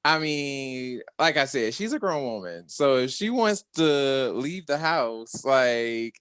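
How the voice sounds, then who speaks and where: A man co-hosting a casual podcast, colloquial and sassy, reacting with lively asides. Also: mid-range voice, takes it slowly, smooth, no echo, studio quality. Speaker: podcast co-host. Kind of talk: casual chat.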